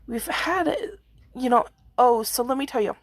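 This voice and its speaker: A hoarse woman with a rambling manner, giving a casual video update on earthquakes. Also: on the high side, a little slow, dry recording. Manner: rambling, frequent fillers and yawns. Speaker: earthquake forecast vlogger.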